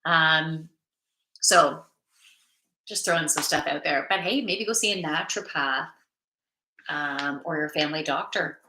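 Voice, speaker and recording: Slow-talking woman in an echoey room. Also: sits low, background noise. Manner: chatty, reads viewer comments aloud. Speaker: livestream host. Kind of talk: casual livestream chat.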